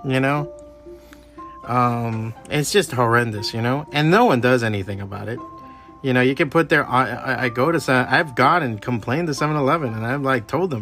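Fairly quick and mid-range in pitch, a middle-aged Miami-area man runs his podcast by himself, spinning stories in an animated, cursing, heated rant. Faint music sits behind the casual solo talk.

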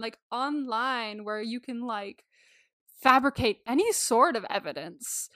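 A woman's voice: fairly high pitch, a little slow, pushed and bright, no room sound, clean studio sound. A young woman co-hosting a podcast, chatting casually, laughing often and swearing freely as she gushes. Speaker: podcast co-host. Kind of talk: casual chat.

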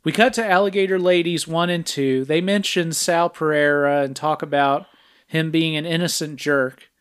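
A man co-hosts a podcast, summarizing a film's plot scene by scene in an easygoing way. His voice sits a little high for a man, and he keeps stopping for filler sounds as he goes. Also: steady tone, moderate pace, fairly bright tone, clean tone. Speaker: podcast co-host. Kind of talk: casual film recap.

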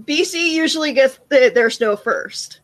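A woman's voice: high voice, animated, a little slow. A woman from Canada chatting casually, easygoing and giggly. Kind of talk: casual chat.

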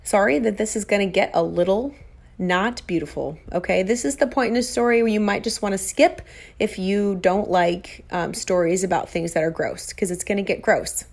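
A woman's voice: mid-range voice, normal speed, creaky. A young woman tells a personal story straight to her audience in a casual, chatty way. She mocks herself and acts out quoted lines with a lot of life. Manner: animated, self-mocking, acts out quoted dialogue.

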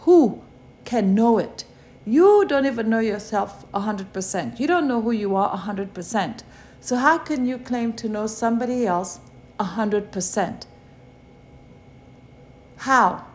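A woman giving a devotional sermon, preaching slowly with many repeated rhetorical questions. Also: medium pitch, a little hiss or hum. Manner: slow, repetitive rhetorical preaching.

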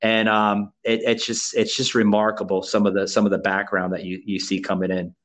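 A man's voice: lowish voice, level tone, a little fast, fairly bright tone. An American man from Florida hosting a podcast, talking casually with many repeats and "you know". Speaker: podcast host. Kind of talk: casual interview chat.

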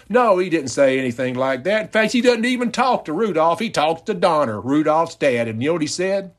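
A man's voice: fairly high pitch, animated, a little fast, hardly any pauses. A man hosting a podcast, retelling a story in a folksy, mock-outraged way. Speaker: podcast host.

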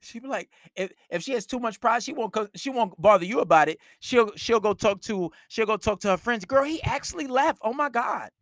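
A man's voice: sits high, brisk, hardly any pauses, fairly bright tone, no room sound, clean studio sound. A man giving blunt, profane dating advice on a live stream, talking in an emphatic rant.

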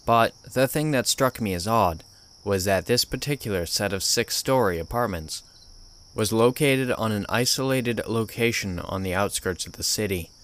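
A man narrating a horror story in a measured, grim storytelling manner. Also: fairly low pitch, a bit bright. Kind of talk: scripted narration.

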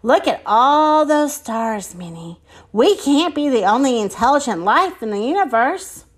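Woman doing a dreamy gentle cow who wonders about stuff, high lilting voice. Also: very animated, a little slow, exaggerated voice. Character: dreamy, thoughtful female cow.

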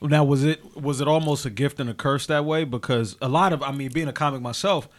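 A man's voice: medium pitch, brisk. A man, a comedian hosting a casual interview and asking questions eagerly. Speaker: podcast host and comedian.

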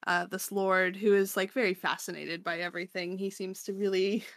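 A woman's voice: medium pitch, little pitch movement, moderate pace, dry recording. A woman co-hosting a podcast, recapping chapters in casual chat, full of fillers and laughter. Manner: chatty, lots of fillers and laughter. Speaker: podcast co-host.

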